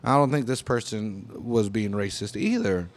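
A man's voice: fairly low pitch, moderate pace. A young American man in a casual, profane monologue, talking with heavy emphasis. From United States. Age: young adult.

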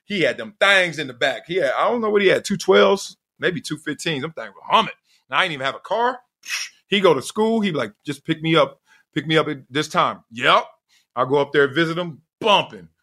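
Lively bright-voiced man telling stories. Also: on the high side, fairly quick. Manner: animated storytelling, laughs often, slangy. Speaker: podcast host. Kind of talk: casual solo podcast chat.

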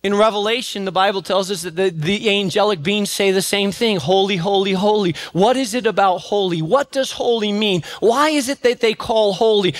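A man preaching a sermon as pastor, building dramatically and rising to shouts on repeated refrains. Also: sits high, no room sound, studio quality.

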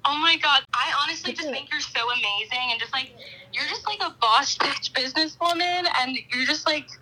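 A woman's voice: sits high, a little fast, pushed and bright. A woman calling in by phone, gushing and swearing casually. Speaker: caller. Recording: phone line.

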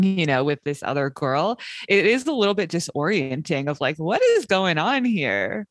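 A young adult woman co-hosting a podcast, recapping a TV episode in relaxed casual chat and laughing a lot. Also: sits low, moderate pace, few pauses, no room sound, studio quality. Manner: easygoing, laughs a lot, quotes characters. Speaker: podcast co-host.

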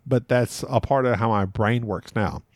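A man's voice: medium pitch, normal speed, no echo. A man appearing as a podcast guest who tells stories in a loose, chatty way, laughing often mid-sentence and poking fun at himself. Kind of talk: casual conversational storytelling.

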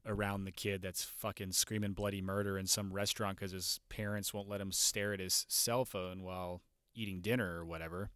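Man, podcast host, casual storytelling, animated, crisp bright tone, dry close mic. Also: medium pitch, no echo. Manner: warm, animated, loose and profane, mimics voices in anecdotes.

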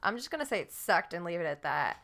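A young woman on a podcast chats casually as a guest. Her voice is bright and sharp, and she tells stories in an animated way, giggling often. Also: fairly low pitch, fast, vocal fry. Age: young adult. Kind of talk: casual chat.

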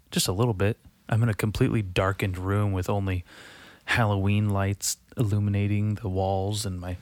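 In a darkened room lit only by Halloween lights, a young podcast host in his twenties talks through a late-night solo monologue. His voice is on the low side, and he rambles in a confessional way, swearing frequently and filling gaps with verbal padding. No echo is present.

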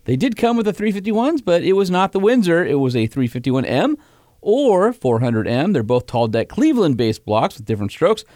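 A man's voice: a little high, normal speed, dry recording, studio quality. A man co-hosting a podcast, chatting casually, laughing often and reading listener mail aloud. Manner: animated, laughs often, reads messages aloud. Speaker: podcast co-host.

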